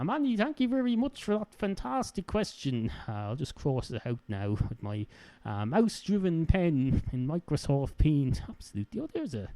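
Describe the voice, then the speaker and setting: A man's voice: high voice, dark tone, no echo. Rambling, sweary man hosting a podcast. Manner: meandering, sweary, self-mocking, many "uh" fillers. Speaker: podcast host. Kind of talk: rambling solo podcast monologue.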